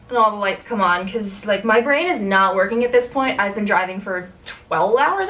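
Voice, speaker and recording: A young Canadian woman telling a road-trip story in a casual vlog, animated, swearing freely and acting out what people said. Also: fairly quick, hardly any pauses, far from the mic, poor audio. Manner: animated, swearing, acts out quotes with big pitch jumps. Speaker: vlogger.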